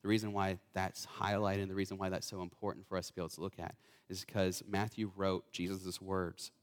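A man's voice: low-pitched, level tone, a little fast, in a large hall. A young man preaching as a guest speaker in a church, chatty and informal, with many fillers and restarts. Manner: casual, talkative, lots of fillers and self-corrections. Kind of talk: sermon. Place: church hall.

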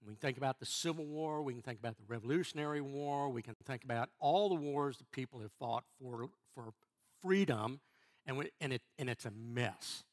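A middle-aged man, a church elder, preaching a sermon in a halting way, repeating words and restarting before stressing key phrases. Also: medium pitch.

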